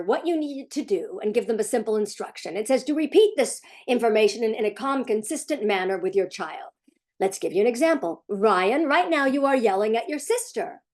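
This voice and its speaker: A woman parent coach talking casually to the camera in a sarcastic, animated way, sometimes laughing as she speaks. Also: medium pitch. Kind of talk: casual vlog commentary.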